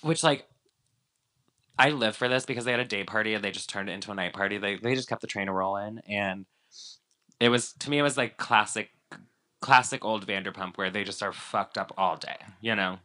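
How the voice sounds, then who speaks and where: A man's voice: on the low side, fairly quick, bright, forceful tone. A man co-hosting a casual reality TV recap, talking animatedly with lots of fillers and swearing. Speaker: podcast co-host.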